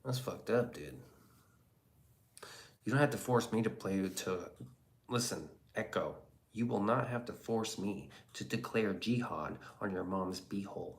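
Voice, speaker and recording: A man's voice: lowish voice, measured pace. A man casually reading viewer comments on a live stream, sarcastic and crude, slipping into whispers and mock voices.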